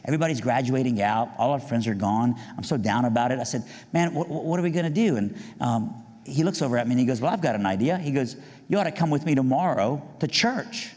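Man, from Iran, humorous testimony, animated, jokey, mimics voices, middle pitch, reverberant hall. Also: fast talker. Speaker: speaker giving a testimony.

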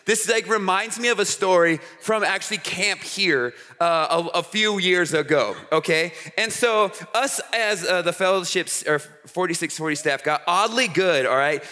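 Animated bright-voiced male camp preacher. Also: sits high, normal speed, few pauses, faint music behind. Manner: animated storytelling with frequent "okay?" asides. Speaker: camp speaker. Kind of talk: youth sermon. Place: large hall with an audience. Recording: hall reverb.

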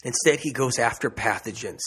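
A man's voice: medium pitch, a little fast, a bit bright, breathy edge. A man giving an emphatic health monologue, repeating phrases for emphasis and restarting often. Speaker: health speaker. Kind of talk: impassioned monologue.

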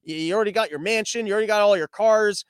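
Young male podcast host, high-pitched, sarcastic and profane, close and dry sound. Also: rapid-fire, smooth, no room sound. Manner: sarcastic, profane, slips into mocking impressions. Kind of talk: casual commentary on news headlines.

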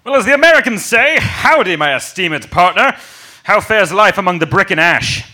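Pompous, fretful aristocrat played by a man: high, bright, lively, for a comedy audio sketch. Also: normal speed, heavily acted. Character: pompous, fretful English male lord.

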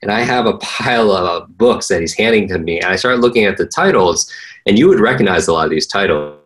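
A man's voice: on the low side, lively intonation, fairly quick, a bit bright, rough recording. A man, a learning coach, telling a personal story earnestly in conversation, with frequent restarts and fillers. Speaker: interview guest, learning coach.

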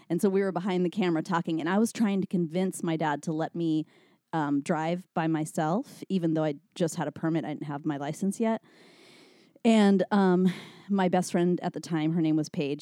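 A woman's voice: low-pitched, normal speed, no echo, studio quality. A young adult woman from Texas with a slight Texas accent, telling stories in a chatty, laughing way in casual conversation. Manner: chatty, laughs often, animated storytelling. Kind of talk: casual chat.

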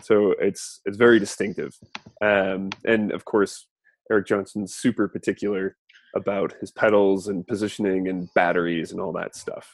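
A man from Colorado co-hosting a casual podcast chat, easygoing and quick to laugh. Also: low voice, flat delivery. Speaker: podcast co-host.

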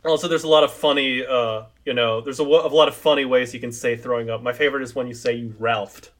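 A man's voice: mid-range voice, steady tone, quick pace, a bit bright. A man on a podcast, recapping a film in a loose, rambling way with many restarts and laughs. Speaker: podcast host. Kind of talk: casual movie recap chat.

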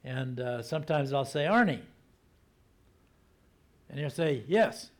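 Man preaching in a relaxed storytelling way. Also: medium pitch. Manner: conversational storytelling, acting out quotes; slows down and drops to a soft, hushed voice for emphasis. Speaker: pastor. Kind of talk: sermon.

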